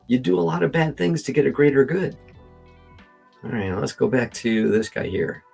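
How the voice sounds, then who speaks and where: A man with a gravelly, husky voice reacts to a video in casual, argumentative commentary. His tone sits dark and mellow, lively as he pushes back point by point, with faint music underneath. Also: fairly high pitch, moderate pace. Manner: animated, argumentative, talks to himself while editing.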